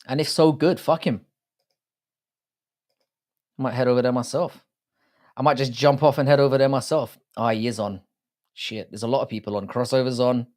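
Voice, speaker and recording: The live-stream host is a British man with a mid-range, slightly mellow voice. He keeps things casual and foul-mouthed, reading messages from chat, greeting users by name and swearing frequently.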